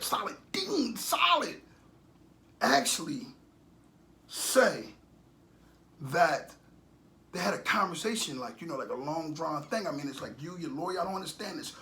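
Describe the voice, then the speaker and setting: A middle-aged man giving animated street-talk commentary, preachy and repetitive, firing off rhetorical questions and swinging between loud bursts and low muttering. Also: unhurried. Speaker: commentator on a social media channel.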